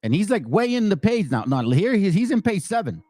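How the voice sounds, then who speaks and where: A man's voice: high voice, very animated, fairly quick, darkish tone, dry recording, clean studio sound. Blunt, mocking man commentator. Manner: mocking, blunt, swears freely. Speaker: online commentator. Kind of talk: casual reaction commentary.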